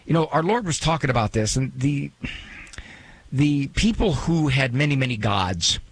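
A man hosting a call-in radio advice show, talking to a caller in a gentle, pastoral way with many restarts. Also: medium pitch, animated, moderate pace, husky, no room sound, poor audio.

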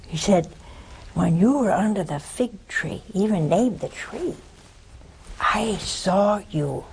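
A woman preaching a lively sermon, with playful asides and chuckles to her audience. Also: medium pitch, takes it slowly, a little hiss or hum.

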